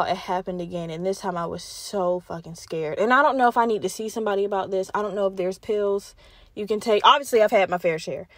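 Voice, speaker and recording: A young woman hosting her own podcast, telling a story in a candid, expressive way, swearing freely and talking straight to her listeners. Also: a little high, no room sound, clean studio sound. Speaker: podcast host. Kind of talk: casual solo podcast storytelling.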